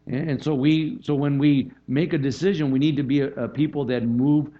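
Slightly high-voiced male preacher, lo-fi. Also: steady tone, a little fast. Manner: conversational preaching, frequent "right?" checks and restarts. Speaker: pastor. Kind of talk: sermon.

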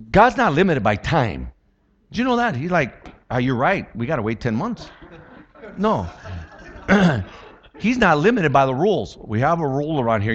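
A man's voice: medium pitch, muffled recording. A pastor giving a sermon in a conversational way, joking and often asking his listeners "right?". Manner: conversational preaching with jokes and repeated questions. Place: church.

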